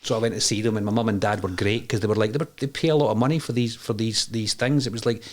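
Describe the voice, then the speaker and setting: On the low side in pitch, this podcast guest is a Scottish man in his forties who shares his story openly. He laughs easily and stays animated, with lots of restarts and a bit of swearing.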